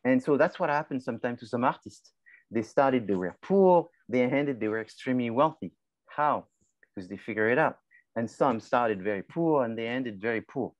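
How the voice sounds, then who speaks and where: A man's voice: mid-range voice, no room sound. A male marketing professor giving a conversational class lecture, asking and answering his own questions.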